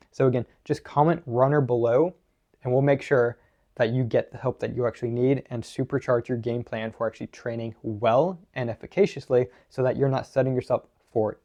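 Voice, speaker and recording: A man's voice: mid-range voice, mellow, highs cut off. A man from the southern United States coaching runners in an instructional talk to camera, blunt and emphatic, asking questions and answering them himself. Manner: blunt and emphatic, with strong opinions. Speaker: running mobility coach.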